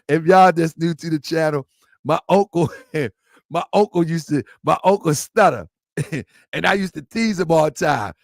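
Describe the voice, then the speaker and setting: Excitable high gravelly male streamer. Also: a little slow, no echo, clean studio sound. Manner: excitable, repetitive, laughs often, addresses viewers as family. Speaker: livestream show host. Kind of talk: casual livestream monologue.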